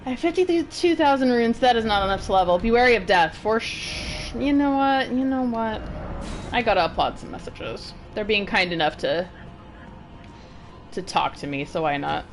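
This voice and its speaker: A young woman streaming a game from her desk mic, reacting with excited, gushing chatter. Her fairly high voice leaps up and down as she talks, and soft game music plays under her. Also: moderate pace. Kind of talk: live gameplay commentary.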